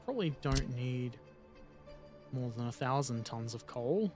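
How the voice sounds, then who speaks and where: Slow, lively-pitched man narrating gameplay. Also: soft background music. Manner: rambling, joking asides to himself. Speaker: gaming video host. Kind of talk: casual let's-play commentary.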